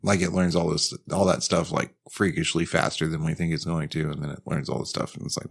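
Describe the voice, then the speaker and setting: A man's voice: extremely low pitch, little pitch movement, brisk, creaky, husky. A man co-hosting a casual podcast, joking crudely and laughing often. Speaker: podcast co-host. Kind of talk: casual chat.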